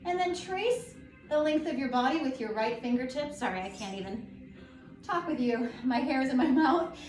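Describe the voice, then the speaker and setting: Calm, encouraging woman leading yoga. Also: sits high, normal speed. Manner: calm, encouraging, gently instructive. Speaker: yoga instructor. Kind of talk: guided yoga class. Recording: echoey room with faint music.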